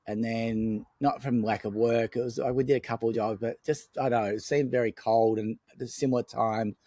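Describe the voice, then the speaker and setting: A man's voice: medium pitch, steady tone, brisk, dark tone, dry recording. A man, a film director telling rambling anecdotes in an interview. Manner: rambling, anecdotal, many fillers and restarts. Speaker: film director, podcast guest. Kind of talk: casual storytelling interview.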